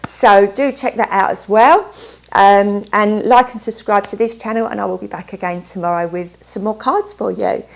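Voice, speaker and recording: A woman's voice: mid-range voice, steady tone, normal speed, vocal fry. A woman doing a casual tarot card reading, upbeat and chatty, often stopping to add asides. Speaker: tarot reader.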